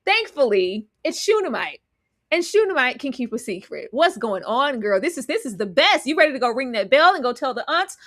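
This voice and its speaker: A woman's voice: high voice, sing-song, brisk, a bit bright, no echo, clean studio sound. A woman co-hosting a casual TV recap, talking with slangy sass and acting out characters' lines. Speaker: podcast co-host.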